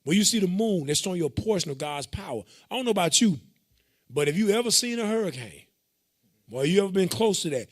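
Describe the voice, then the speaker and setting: A man's voice: sits high, animated, fast. A man casually teaching scripture to a class, explaining verses with loose, joking asides.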